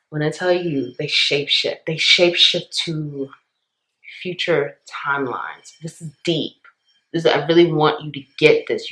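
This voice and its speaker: A woman's voice: low-pitched, fairly bright tone, echoey room, poor audio. Intense rambling tarot reader woman. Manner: intense, rambling, emphatic with many restarts. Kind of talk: casual channeled tarot reading.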